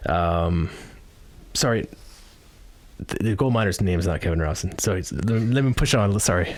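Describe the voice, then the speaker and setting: A man's voice: mid-range voice, expressive, a little slow. A man telling a rambling joke in a casual podcast chat, often restarting and laughing. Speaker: podcast host.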